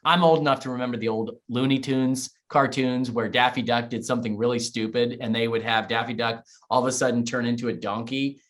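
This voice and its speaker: A man's voice: medium pitch, fairly even intonation, a little fast, few pauses. Earnest man telling a personal story. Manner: earnest, heartfelt, reflective. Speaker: podcast guest.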